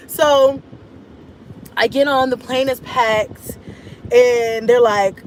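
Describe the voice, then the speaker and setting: High-voiced woman telling a dramatic story. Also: slow, pauses often, slight background noise, low-quality recording. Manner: animated, dramatic retelling with laughs and voiced-out inner thoughts. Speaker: mom vlogger. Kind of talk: casual storytime chat.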